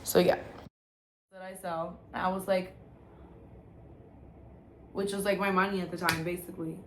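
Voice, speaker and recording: A woman's voice: on the low side, flat delivery, unhurried, a little hiss or hum. A woman telling her own story straight to camera, blunt and slangy, swearing freely and rambling with restarts and lots of "like". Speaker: vlogger sharing her sobriety testimony. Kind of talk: candid personal storytelling.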